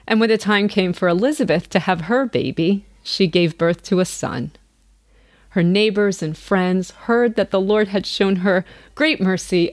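A woman vlogger reading scripture aloud in an unhurried, earnest way. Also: medium pitch, no room sound.

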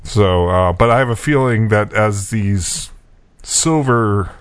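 Low-voiced podcast host, self-mocking. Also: male voice, slow, clean tone, dry recording. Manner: rambling and self-mocking, with many fillers and chuckles. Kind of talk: casual storytelling chat.

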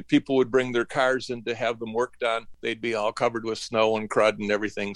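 A middle-aged man from northern Michigan who owns a woodworking business tells rambling, folksy stories about his working life as an interview guest, acting out the dialogue. His voice is mid-range and the recording is dry.

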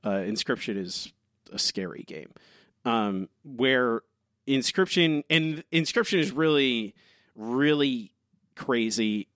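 A man's voice: medium pitch, lively intonation, a bit bright, dry recording. Young guy on a podcast, mid voice, keeps restarting sentences, dry mic. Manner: halting, restarts often, earnest. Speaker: podcast co-host. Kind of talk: casual chat.

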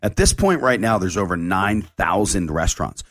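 A man's voice: low voice, sing-song, normal speed, fairly bright tone. A man and chef hosting his own radio show, talking casually and rambling with lots of fillers.

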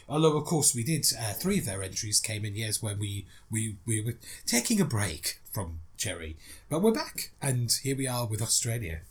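A man co-hosting a podcast in casual chat, talking in a lively way and laughing often. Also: on the low side, normal speed. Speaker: podcast co-host.

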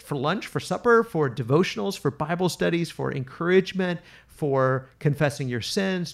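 A man hosting a Bible study podcast, talking in an earnest, teacherly way and often repeating words as he thinks. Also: on the high side. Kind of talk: casual Bible study talk.

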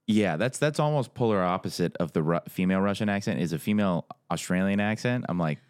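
A man's voice: deep voice, animated, quick pace, a little mellow, no room sound, clean studio sound. A man co-hosting a podcast, chatting casually in a laid-back, agreeable, wry way. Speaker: podcast co-host. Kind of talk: casual chat.

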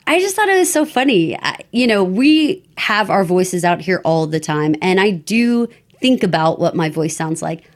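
A woman's voice: lowish voice, sing-song, moderate pace, hardly any pauses. A woman with a mixed American accent that is partly Southern, chatting casually and enthusiastically as a podcast co-host, laughing often and using many fillers. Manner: giggly, enthusiastic, filler-heavy. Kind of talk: casual chat.

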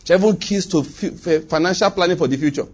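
Emphatic preacher, husky man. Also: high voice, brisk. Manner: emphatic, repeats phrases, swings from loud to quiet. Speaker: pastor. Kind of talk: sermon.

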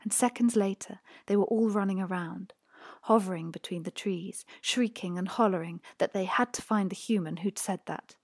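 A woman narrating a fairy tale in a hushed voice that often drops to a whisper. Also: mid-range voice, moderate pace, husky, no echo, studio quality. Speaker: audiobook narrator. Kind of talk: storybook narration.

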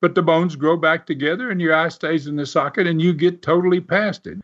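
A man's voice: on the high side, steady tone, a little fast. A man telling wrestling stories on a podcast in a casual, rambling way, full of fillers and restarts. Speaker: podcast co-host and storyteller. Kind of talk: casual storytelling. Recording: dull lo-fi sound.

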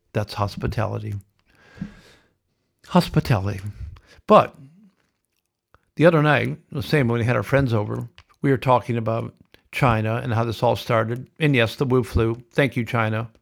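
Gravelly, sardonic podcast ranter. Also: male voice, medium pitch, fairly even intonation, normal speed. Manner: ranting, sardonic, blunt. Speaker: podcast host. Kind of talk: opinionated podcast monologue.

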